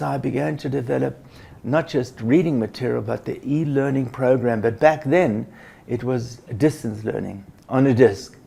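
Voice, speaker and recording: A man's voice: medium pitch, vocal fry, mellow, slightly rough. An older man, a business educator, recounting in an anecdotal way how his work began, with restarts and acted-out dialogue. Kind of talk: reflective storytelling.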